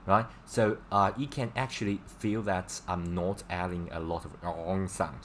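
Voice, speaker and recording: Male Chinese tutor on a live stream, slightly low voice, loose filler-heavy delivery, faint hum behind. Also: fairly even intonation, unhurried, hardly any pauses, a bit bright. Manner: casual, filler-heavy explaining, repeats words for drilling. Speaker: Chinese teacher. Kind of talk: live-stream language lesson.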